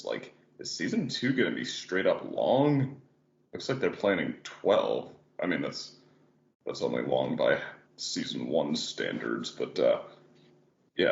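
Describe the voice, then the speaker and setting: Deep-voiced man rambling in a podcast. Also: creaky, roomy sound, highs cut off. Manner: rambling, many "like" and "yeah" fillers. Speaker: podcast host. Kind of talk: casual podcast chat reviewing animation.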